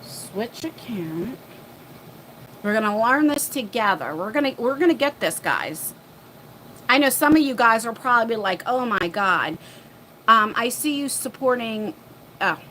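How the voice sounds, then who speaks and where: A woman hosting a casual livestream chat from her phone, flustered and chatty as she thinks out loud. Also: a little high, expressive, unhurried, a little hiss or hum. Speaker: livestream host. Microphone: phone mic.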